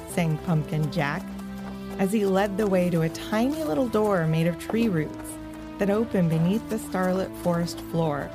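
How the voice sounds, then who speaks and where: A woman narrating a children's storybook in a gentle, expressive way. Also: lowish voice, normal speed. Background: music.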